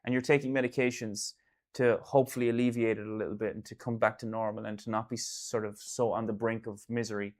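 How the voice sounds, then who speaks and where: A man's voice: fairly low pitch, level tone, fast. A man in casual one-on-one talk, earnest and reassuring, rambling with fillers and restarts and repeating himself for emphasis. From Ireland. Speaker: artist and host.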